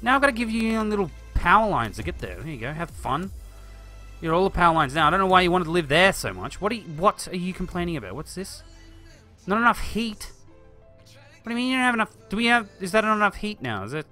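Man, game streamer, bright voice, casual running commentary, faint background music. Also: sits high, sing-song, fast talker. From Australia. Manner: chatty, thinking aloud, talks back to chat and the game. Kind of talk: live-stream gameplay commentary.

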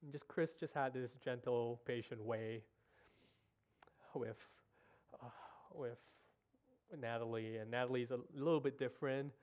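A man preaching a sermon in a church, earnest and emotional, halting with restarts as he speaks. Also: mid-range voice, steady tone, darkish tone. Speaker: guest preacher. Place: church sanctuary.

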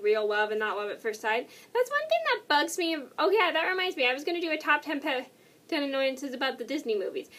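A young woman with a high, sharp voice vlogs casually for YouTube, tired and yawning. Her answers to questions ramble and she often corrects herself.

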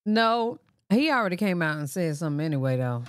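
A woman's voice: lowish voice, sing-song, brisk, no room sound, studio quality. A woman hosting a live reaction stream, chatting casually and talking to her viewers as y'all. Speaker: livestream reaction host.

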